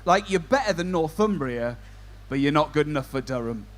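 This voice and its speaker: A man's voice: a little high, expressive, brisk. A man compering a stand-up comedy show, doing cheeky banter with the audience. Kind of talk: crowd work stand-up.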